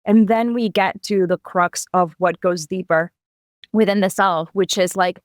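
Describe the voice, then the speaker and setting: A woman guest on a podcast interview, speaking in an animated way and acting out voices in her stories. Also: fairly low pitch, unhurried, dry recording, studio quality. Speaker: guest, mentor. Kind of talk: casual interview chat.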